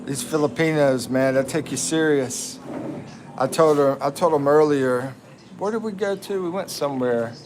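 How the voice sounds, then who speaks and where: A man's voice: fairly high pitch, noisy background. An American man hosting a casual livestream, chatting and laughing while reading out viewer comments. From United States. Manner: slow, laughing, chatty, drawn-out. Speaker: livestream host. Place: living in the Philippines.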